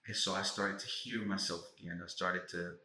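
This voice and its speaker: A man with a St. Louis accent, a podcast guest who is an actor and writer, telling stories in animated, profane slang. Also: low-pitched, brisk. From St. Louis, USA. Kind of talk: casual conversation. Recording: echoey room, distant mic.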